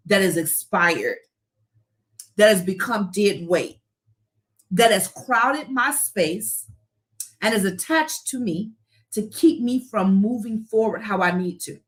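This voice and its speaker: A woman's voice: mid-range voice, animated, slow pace. A woman hosting a live talk, speaking earnestly and encouragingly to listeners, emotional and close to tears. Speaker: podcast host.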